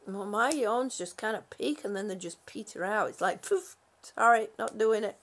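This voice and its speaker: A woman's voice: medium pitch, lively intonation, normal speed, a bit bright. A worn-out, sleepy woman hosting a casual live stream, reading out viewer comments in a rambling, giggly way. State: exhausted, sleepy.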